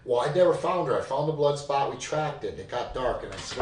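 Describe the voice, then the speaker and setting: A man telling a long hunting story on a podcast, animated and full of swearing, recorded in an echoey room with the mic set back. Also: mid-range voice, brisk, recorded from a distance, slight background noise. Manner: animated, profane yarn-spinning. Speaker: podcast guest. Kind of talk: casual storytelling.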